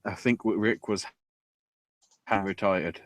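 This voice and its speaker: A man's voice: fairly low pitch, no room sound. A man hosting a podcast, recapping in a casual, sarcastic way and swearing freely. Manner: profane, sarcastic, unhurried drawl. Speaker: podcast host. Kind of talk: casual wrestling recap chat.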